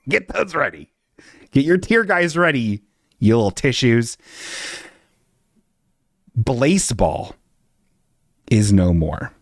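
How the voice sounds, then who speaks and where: Animated rambling man hosting a livestream. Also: medium pitch, no echo, studio quality. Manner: silly, animated storytelling with goofy voices for quotes. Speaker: livestream podcast host. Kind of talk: rambling comedic livestream chat.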